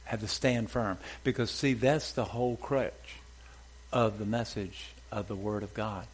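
A man's voice: lowish voice, fairly even intonation, a little slow. A man preaching a sermon as pastor to a congregation, emphatic and repeating short exhortations. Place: church before a congregation.

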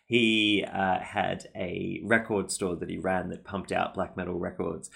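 A man's voice: sits low, little pitch movement, measured pace, creaky, a bit bright. A man hosting a podcast, chatting casually and rambling with lots of fillers and restarts. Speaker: podcast host. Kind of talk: casual chat.

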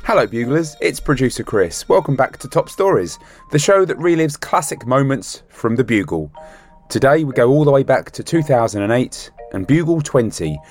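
A man's voice: medium pitch, sing-song, moderate pace, a little mellow, soft background music. A man, the show's producer, giving an upbeat scripted introduction.

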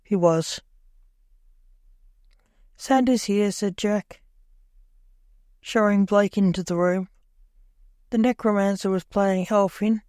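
A storyteller reading a dark comic holiday tale in plain, measured narration. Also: mid-range voice, flat delivery, dry recording, clean studio sound.

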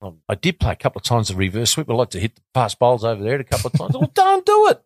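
An Australian man in his fifties, a former cricketer telling stories as a guest in casual, animated talk with repeats and restarts. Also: medium pitch, rapid-fire, no echo, clean studio sound. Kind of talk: casual storytelling.

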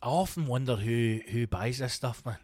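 A middle-aged Scottish man, a comedian hosting his own show, telling rambling, sweary stories in a casual, animated way. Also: medium pitch, normal speed, no room sound, soft background music. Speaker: comedian podcast host. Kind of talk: casual comic storytelling.

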